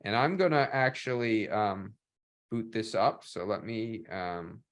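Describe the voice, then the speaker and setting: A man's voice: fairly low pitch, measured pace. A man teaching an online workshop, asking questions of his audience and often tagging sentences with "right?". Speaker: workshop instructor.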